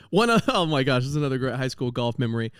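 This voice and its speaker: A man's voice: medium pitch, smooth, no echo, studio quality. A man who hosts a comedy podcast, telling stories in a rambling way and breaking into laughter mid-sentence. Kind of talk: comedic storytelling monologue.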